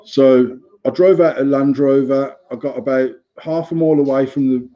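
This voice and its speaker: A man's voice: medium pitch, fairly even intonation, moderate pace. A British man in his thirties hosting a podcast, telling a heated, sweary story in casual chat. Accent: British English. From United Kingdom. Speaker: podcast host. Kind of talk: casual chat, ranting anecdote. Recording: slightly muffled lo-fi recording.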